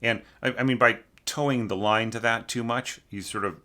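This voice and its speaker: A man's voice: mid-range voice, steady tone, normal speed, sharp tone. A man giving a casual spoken critique of a student's orchestration, with lots of fillers and tag questions. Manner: informal, hums and scats musical lines to show phrasing. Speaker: orchestration teacher reviewing a student score.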